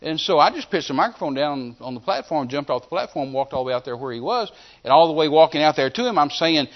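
A man preaching a sermon, telling a healing story in an animated way and acting out the scenes. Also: on the high side, fast talker. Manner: animated storyteller who acts out scenes and shouts commands. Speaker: evangelist preacher. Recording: dull lo-fi sermon recording.

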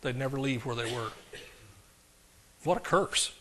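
A man preaching a sermon to a congregation, swinging between loud declarations and quiet asides and asking the crowd questions. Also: mid-range voice, measured pace, a little hiss or hum. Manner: talks directly to the congregation, asks questions. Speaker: pastor.

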